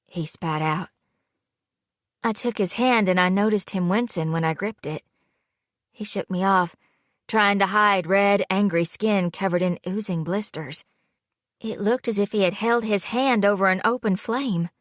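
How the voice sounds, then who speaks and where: A woman's voice: mid-range voice, moderate pace, dry recording. Woman narrating an audiobook, dry sound. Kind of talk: first-person scripted narration.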